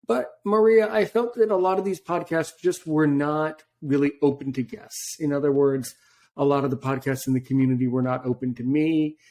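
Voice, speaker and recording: A man's voice: on the high side, steady tone, normal speed, dark tone. A man hosting a podcast interview, talking in a rambling way with tangents. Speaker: podcast host. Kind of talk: casual interview chat.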